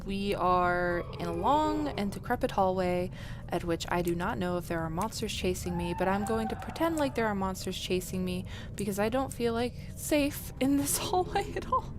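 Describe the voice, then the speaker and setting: A woman's voice: medium pitch, lively intonation, moderate pace, noisy background. A woman streaming a horror game, talking herself through it with jumpy, nervous laughter and reading the game's text aloud. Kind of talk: casual game commentary.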